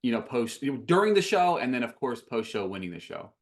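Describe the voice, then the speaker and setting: A podcast host who gushes excitedly in casual interview chat, with lots of "like" and "you know". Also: mid-range voice, brisk.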